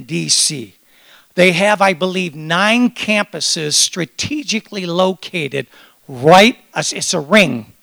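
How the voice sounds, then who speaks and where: Excitable preaching man, high and gravelly. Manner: animated, excitable preaching with audience call-and-response. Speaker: pastor. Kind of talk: sermon.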